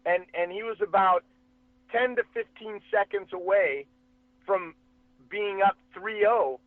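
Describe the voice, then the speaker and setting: A man, a podcast guest, telling a story in a casual, animated way, with quick restarts and calling the host "dude". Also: high-pitched, dry recording. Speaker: guest, fight promotion executive and manager. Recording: tinny phone-like dry sound.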